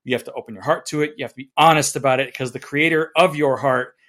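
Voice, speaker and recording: A man hosting a podcast interview, making emphatic points and asking halting questions. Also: medium pitch, fairly bright tone. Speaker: podcast host. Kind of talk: conversational interview.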